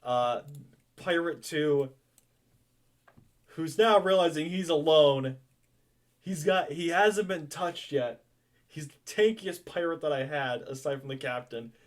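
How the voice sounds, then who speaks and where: A man's voice: a little high, slow, long pauses. A young man running a tabletop game as game master, chatty and loose, laughing and swearing casually.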